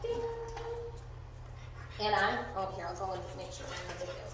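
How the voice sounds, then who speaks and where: A woman dog trainer teaching a hands-on lesson, upbeat and animated, with bursts of excited praise. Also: on the low side, normal speed. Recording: echoey room, distant mic, faint noise.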